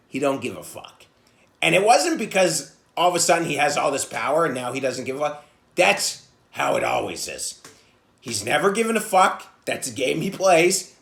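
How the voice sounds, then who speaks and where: A man who is a comedian hosting his own podcast, ranting bluntly and profanely, jumping from loud outbursts to low mutters. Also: gravelly. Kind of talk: casual monologue rant. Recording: echoey room sound.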